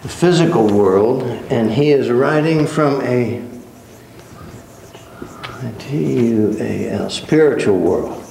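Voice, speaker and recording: A man's voice: mid-range voice, takes it slowly, vocal fry, long pauses, mellow. A man teaching a church Bible class, conversational and joking, repeating words for emphasis. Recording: roomy echo, faint background hiss.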